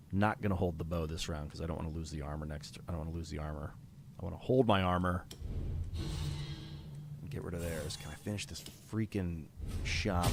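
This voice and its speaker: Low-voiced man thinking aloud on a game stream. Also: noisy background. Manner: thinks aloud about moves, casual and profane; reads out donor names with rising excitement. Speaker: streamer playing a card game. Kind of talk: live-stream gameplay commentary.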